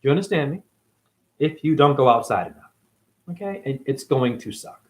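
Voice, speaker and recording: A self-styled spiritual teacher launches into a furious, profanity-laden monologue, confronting his listeners and cursing constantly. His pitch is medium, his pace brisk, and his intonation lively.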